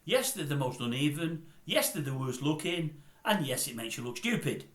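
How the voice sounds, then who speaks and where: A man's voice: fairly high pitch, sing-song, normal speed. A middle-aged man, grumpily and sarcastically rambling through celebrity gossip as a comic host. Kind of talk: comedic celebrity gossip monologue. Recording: roomy echo.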